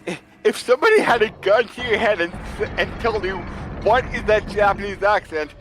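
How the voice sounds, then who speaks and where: A man's voice: high voice, lively intonation, moderate pace, noisy background. A man chatting casually and rambling about a game. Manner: rambling, many fillers. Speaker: gameplay co-host. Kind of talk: casual gaming chat.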